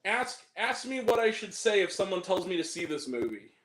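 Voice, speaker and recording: A man co-hosting a casual podcast chat about movies, animated, swearing freely and breaking into laughter and exaggerated reactions. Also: sits high, moderate pace, reverberant, rough recording. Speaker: podcast co-host.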